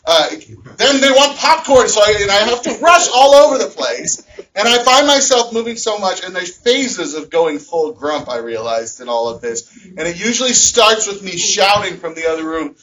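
A man in his thirties preaching a sermon as pastor, telling family stories with animated, acted-out shouting. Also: sits high, normal speed, rough recording. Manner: animated storytelling, acts out his sons' shouting.

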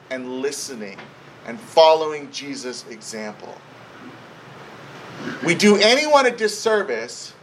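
A pastor, a man, preaching a sermon in a church in a conversational way, with lively retellings and frequent restarts. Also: fairly high pitch, a little hiss or hum, poor audio.

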